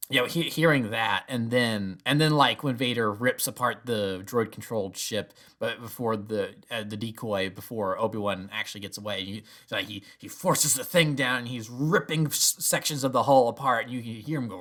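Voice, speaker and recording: A young man talks through a review at an ordinary middle pitch. He is animated and rambling, backtracks mid-sentence and keeps piling on asides. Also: a little fast, hardly any pauses. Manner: animated and rambling, often restarting his sentences; acts out quoted lines in bursts. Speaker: video reviewer. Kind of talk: casual spoken review.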